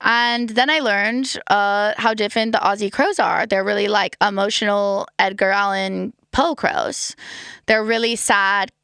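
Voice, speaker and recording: A woman's voice: medium pitch, steady tone, unhurried, a bit bright, clear, resonant tone, dry recording, studio quality. An American woman hosting a casual solo podcast, hungover and rambling, with lots of "like" and "um". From United States. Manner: rambling and chatty, full of "like" and "um". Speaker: podcast host.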